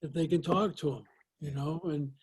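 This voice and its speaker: A man's voice: a little high, fairly even intonation, moderate pace, a little hiss or hum, rough recording. An older man answering interview questions, talking in a folksy storytelling way with lots of "you know"s. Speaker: guest. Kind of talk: interview conversation.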